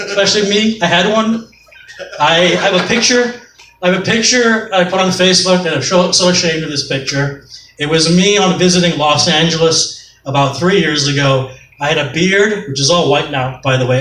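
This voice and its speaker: Pitched high and fairly bright, the middle-aged Canadian's voice carries a loose, foul-mouthed, self-deprecating comedy routine. Faint noise and club echo surround him, and the mic sits well back.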